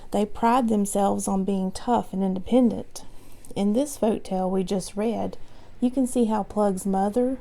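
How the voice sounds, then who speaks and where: A woman reads a folktale aloud for children. She tells it expressively, with a lilting rhythm, at a middling pitch. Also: creaky, warm tone. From Southwest Virginia. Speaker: library storytime reader.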